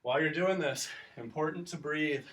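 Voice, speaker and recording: Male teacher, somewhat high voice, kid-friendly workout instructor, slightly out of breath, distant mic. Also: moderate pace, noisy background. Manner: encouraging, counts down reps, explains as he exercises. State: breathing heavier from exercise. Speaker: teacher leading a class workout. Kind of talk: instructional exercise video.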